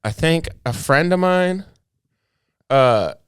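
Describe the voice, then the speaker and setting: A man's voice: fairly high pitch, lively intonation, slow, smooth, no room sound, studio quality. A man hosting a casual chat as a comedian, rambling and laid-back, with lots of fillers and swearing. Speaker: comedian podcast host.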